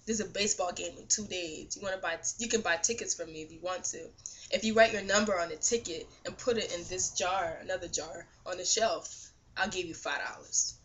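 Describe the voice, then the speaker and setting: A woman's voice: lowish voice, brisk, fairly bright tone, natural voice. A woman voicing a blunt, offhand girl guide. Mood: matter-of-fact.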